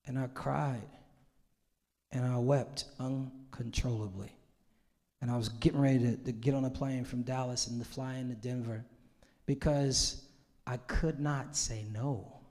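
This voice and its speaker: A man from Los Angeles who is a pastor, preaching a sermon to his congregation. He goes from hushed, tearful confession to shouted exclamation. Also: mid-range voice, fairly even intonation, moderate pace, long pauses, big-room sound. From Los Angeles, USA. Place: large church hall.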